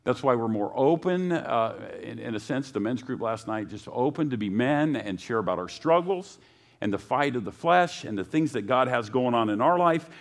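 A man's voice: medium pitch, animated, normal speed. A male pastor preaching a sermon, reading scripture and rising into pointed rhetorical questions.

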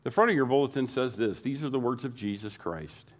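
A man's voice: mid-range voice, expressive, fairly quick. A man preaching a sermon to his congregation, repeating phrases and building emphasis as he goes. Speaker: pastor.

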